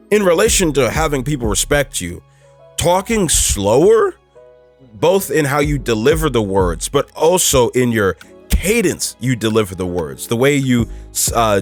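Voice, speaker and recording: A man hosting a motivational podcast, talking casually and emphatically with lots of fillers, pushing his voice up to stress points. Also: mid-range voice. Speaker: podcast host.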